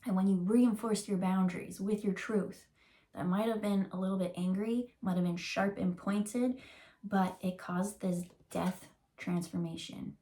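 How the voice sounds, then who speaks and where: A woman giving a casual channeled tarot reading, rambling and emotional, with many fillers, and slowing down to stretch out key words. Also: medium pitch, steady tone, mellow. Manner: rambling and emotional, full of likes and ums, slows to drag out key words. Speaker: tarot reader.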